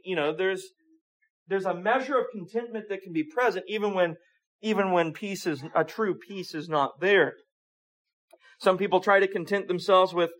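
A man's voice: on the high side, fairly bright tone. A man preaching a conversational sermon, asking rhetorical questions and often repeating words as he goes.

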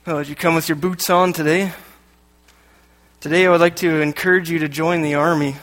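A man's voice: a little high, steady tone, brisk, fairly bright tone. A man from Canada giving a sermon, reading passages aloud and adding joking asides between them. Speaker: lay preacher. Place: church hall. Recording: echoey hall with long reverb.

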